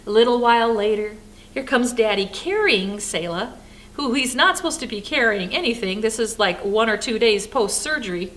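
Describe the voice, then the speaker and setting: An older woman pastor telling a personal story as a devotional sermon, animated and then soft and reflective. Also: fairly high pitch, normal speed.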